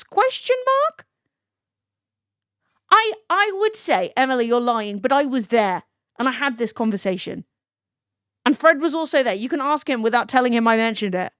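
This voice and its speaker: A woman's voice: high-pitched, a bit bright, dry recording, clean studio sound. A woman from London with a British accent, telling stories casually on a stream, laughing and swearing freely. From London, England. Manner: chatty storytelling, swears freely, laughs often. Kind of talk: casual chat.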